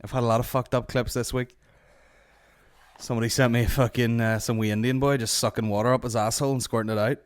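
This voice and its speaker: A man hosting a comedy podcast, telling stories in a rambling, profane, deadpan way. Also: mid-range voice, fast, clear, resonant tone, dry recording. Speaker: podcast host. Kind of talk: comic podcast rant.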